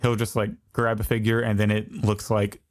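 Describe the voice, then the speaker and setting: A man's voice: on the low side, completely flat delivery, normal speed. A man hosting a podcast in casual, easygoing chat, talking loosely with many fillers. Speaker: podcast host.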